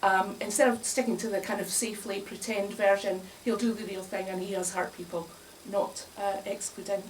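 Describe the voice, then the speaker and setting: A woman with a mid-range voice and flat delivery speaks at a moderate pace, with hardly any pauses, giving a wry, chatty comic talk to a live audience indoors at a bar. She often laughs at her own jokes, and the distant mic picks up faint room noise.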